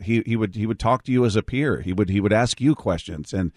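A man hosting a call-in radio show, his voice sitting on the low side. He talks reflectively, with many small restarts, into a dry studio mic with no room echo. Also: fairly quick. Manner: warm repetitive restarts, reflective. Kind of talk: call-in radio tribute chat.

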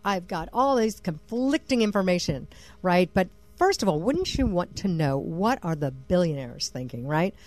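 A lower-pitched woman co-hosts a radio investing show and talks through numbers in a chatty way. The sound is close and dry. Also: sing-song, normal speed, a little mellow, no room sound, soft background music. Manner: chatty, reads out figures with laughs. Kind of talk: casual radio talk.

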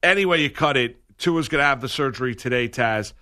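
A man's voice: medium pitch, a little fast, sharp tone. A man hosting a sports radio show, talking casually and rambling, correcting himself as he goes. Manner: rambling, self-correcting, laughs often.

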